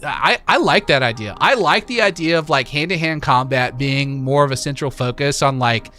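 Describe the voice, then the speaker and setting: A man hosting a casual livestream, reading chat and reacting in an animated, hype-driven way with lots of filler words. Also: mid-range voice, moderate pace, faint music behind. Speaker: livestream host.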